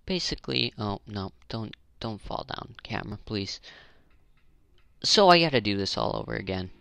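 Gravelly-voiced young man rambling over gameplay. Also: lively intonation, moderate pace, fairly bright tone, no room sound. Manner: rambling, jokey, rising into high exasperated questions. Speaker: gaming channel host. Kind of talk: casual gameplay commentary.

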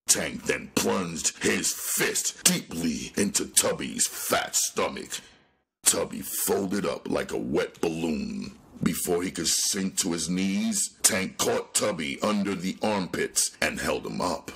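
A man narrating a crime novel as an audiobook in a dramatic, lively storytelling manner. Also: low voice, a little slow, creaky, breathy edge. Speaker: audiobook reader.

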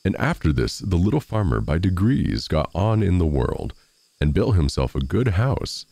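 A man reading a fairy tale aloud as a storyteller, in an expressive, animated way. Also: low voice, moderate pace, gravelly, no room sound.

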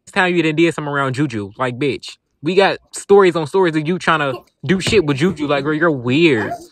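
Mid-pitched voice hurling teasing insults. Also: animated, brisk, dry recording. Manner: loud teasing trash talk. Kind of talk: casual livestream chat.

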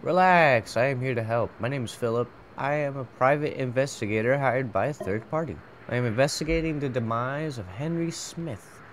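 A man reading the lines of a calm, pushy male private investigator in a horror game, flat and deliberate. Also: medium pitch, a little hiss or hum, natural voice.

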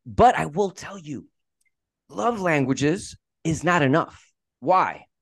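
A man's voice: a little high, expressive, slow. Emphatic male podcast host. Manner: emphatic, repeats words for effect. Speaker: podcast host and relationship coach. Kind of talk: energetic podcast interview.

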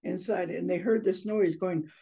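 A woman telling a children's story in an expressive oral storytelling style, slipping in Spanish phrases. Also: on the low side, normal speed, husky. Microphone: video call. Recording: slightly muffled online video call.

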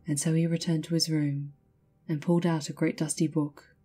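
A woman narrating a fairy tale in a measured storytelling way. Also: deep voice, little pitch movement, mellow, slightly rough, faint music behind.

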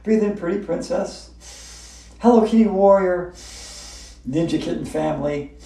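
A woman's voice: on the low side, vocal fry, warm tone. Female yoga instructor, cheerful laughter-yoga delivery, heard from far off in an echoey hotel room. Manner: upbeat, chanting repeated breathing cues with bursts of laughter. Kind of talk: guided yoga class with laughter yoga.

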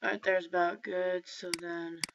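A woman's voice: fairly low pitch, little pitch movement, moderate pace, gravelly. Woman, casual screen-recording tutor, chatty and filler-heavy, faint hiss and mouse clicks behind. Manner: rambling, self-correcting, filler-heavy. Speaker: software tutorial maker. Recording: dull lo-fi mic with faint noise.

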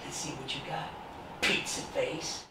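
A man's voice: medium pitch, little pitch movement, a little slow, heavy background noise, voice pushed down, close to an everyday voice. A man voicing a sneering, menacing teenage boy bully, with a taunting manner. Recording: echoey room, distant mic.

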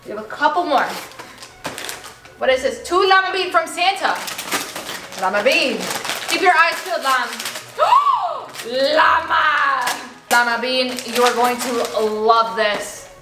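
A young woman vlogging at home, gushing and bubbly, with plenty of "like" and excited gasps. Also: high-pitched, unhurried, pauses often. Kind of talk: excited casual vlog. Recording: echoey room, faint music.

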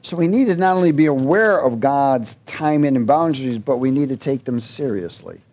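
A man preaching a sermon, telling a personal story and acting out the dialogue in it, with halting restarts and chuckles. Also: mid-range voice. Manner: animated storyteller, acts out dialogue.

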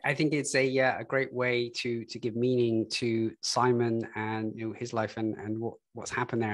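A man with an Australian accent hosting an interview, asking his questions in a halting way with many fillers. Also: mid-range voice. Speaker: podcast host, interviewer.

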